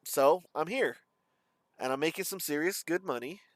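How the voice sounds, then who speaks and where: A young man talking in a casual vlog monologue, rambling and halting, with a slight lisp or slur in his speech. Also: fairly high pitch, dry recording. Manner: rambling, halting, self-described stutter. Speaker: streamer.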